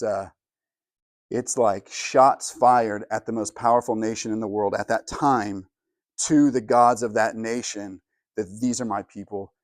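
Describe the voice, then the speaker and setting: A man teaching from the pulpit in a relaxed, conversational way, peppering his points with "like" and "right?". He swells louder and higher when he hits the big ideas. The sound is close and dry, with no room echo. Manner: casual, conversational, frequent "right?" and "like"; swells loud and high for emphasis. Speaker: pastor. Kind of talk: teaching sermon. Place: church hall.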